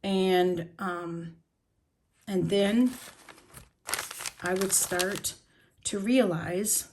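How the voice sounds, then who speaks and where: A woman's voice: medium pitch, steady tone, darkish tone, a little hiss or hum. Blunt, emotional woman vlogger. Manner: blunt, raw and heartfelt, with pauses and fillers. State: shaken and emotional. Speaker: planner vlogger. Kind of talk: emotional journaling talk to camera.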